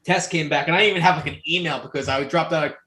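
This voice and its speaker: A man in his thirties from New York, a podcast guest telling a story in casual chat. He is animated and profane, with lots of fillers. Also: on the high side, racing. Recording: roomy echo.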